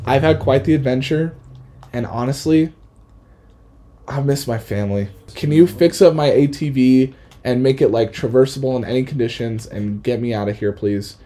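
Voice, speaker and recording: A man's voice: medium pitch, normal speed, warm tone, lightly acted. A man voicing a greedy, desperate male adventurer stranded in the desert, in a blunt, casual tone. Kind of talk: comedic storytelling with put-on voices.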